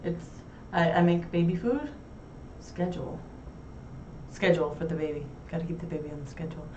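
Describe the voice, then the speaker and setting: A young woman from New York hosts a casual chat show, talking with blunt, crude, self-mocking humor. Her voice sits a little low and comes from some way off the mic. The room gives it a roomy echo, with a faint hiss underneath. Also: a little fast, darkish tone, highs cut off. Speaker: talk show host. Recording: roomy echo, heard from far off.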